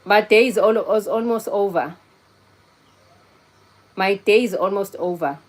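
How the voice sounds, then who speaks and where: A young woman streams live from her phone, talking with her viewers in an unhurried, drawn-out way. She is blunt and talks back sharply, with a voice pitched in an ordinary middle range. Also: darkish tone. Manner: blunt, scolding and chatty, talking to chat. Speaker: livestream host.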